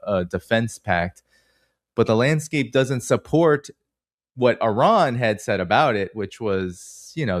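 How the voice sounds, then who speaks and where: Low-pitched Boston host with a dry sound. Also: male voice, no room sound. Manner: long rambling questions full of fillers. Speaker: interview host. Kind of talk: interview questioning.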